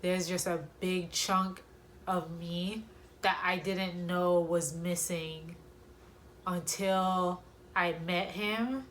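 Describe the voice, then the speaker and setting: A woman telling a painful personal story to camera, reflective, with many pauses and fillers. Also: fairly low pitch, steady tone, a little hiss or hum. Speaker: vlogger sharing a personal story.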